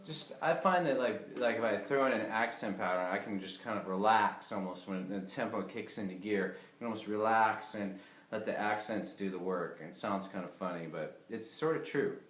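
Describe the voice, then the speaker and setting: A man giving a casual fiddle lesson, talking in a relaxed, chatty way with lots of fillers. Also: on the low side, normal speed, slight background noise. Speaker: fiddle teacher. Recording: echoey room with fiddle playing.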